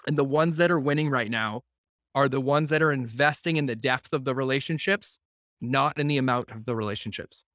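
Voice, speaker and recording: Animated man on a dry call. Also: mid-range voice, brisk, no room sound. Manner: animated storytelling with acted-out quotes; blunt, swears casually. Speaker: podcast host speaking to entrepreneurs. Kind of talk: casual talk to a group on a call. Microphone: video call.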